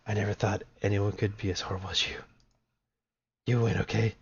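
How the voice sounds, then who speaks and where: A man voicing a distraught young female game character, reading her dialogue aloud in a raised falsetto over dull lo-fi stream audio. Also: level tone, a little fast, vocal fry, breathy edge, full character voice. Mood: accusing.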